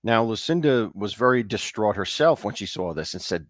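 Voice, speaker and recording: A man co-hosting a show, casually retelling a ghost story in a loose, halting way. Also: fairly low pitch, expressive, no room sound, clean studio sound. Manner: loose, with fillers and restarts. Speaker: co-host.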